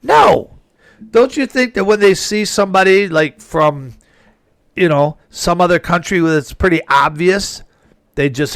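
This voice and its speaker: A man's voice: sits high, animated, measured pace, fairly bright tone. A middle-aged man hosting a talk show, giving a rambling, folksy opinion monologue that flares up when he gets indignant. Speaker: host.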